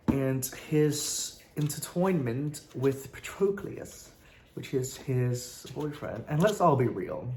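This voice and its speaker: A man's voice: mid-range voice, a little mellow, a little hiss or hum. A man giving a casual vlog book review, playful and joking, rambling with frequent asides.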